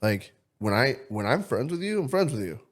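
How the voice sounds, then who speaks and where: A man's voice: medium pitch, big pitch swings, normal speed. A young man co-hosting a podcast in casual, profane banter, joking crudely and swearing constantly. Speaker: podcast co-host.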